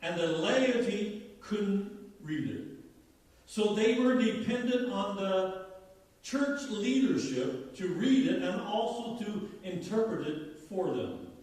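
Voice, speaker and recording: Newfoundland man preaching casually, quizzes the congregation; high-pitched, recorded from afar in a roomy church. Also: lively intonation, takes it slowly, a little mellow. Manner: folksy, chatty, asks the congregation questions. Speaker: pastor. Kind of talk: conversational sermon. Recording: echoey church hall, mic far off.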